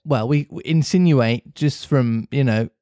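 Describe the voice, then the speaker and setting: A man's voice: medium pitch, unhurried, mellow, dry recording, clean studio sound. A man hosting a podcast, reading a children's book aloud and chatting in a self-mocking way. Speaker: podcast host, reader. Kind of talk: storybook reading and casual chat.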